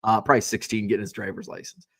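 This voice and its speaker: A middle-aged man hosting his own stream, telling a story in a rambling, animated way with lots of fillers. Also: fairly low pitch, racing. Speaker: streamer host. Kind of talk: casual storytelling.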